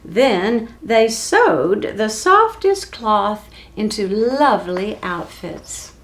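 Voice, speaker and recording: Woman reading a kids story for the library, slow, very expressive. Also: mid-range voice. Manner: slow, expressive, clearly paced. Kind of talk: children's storytelling.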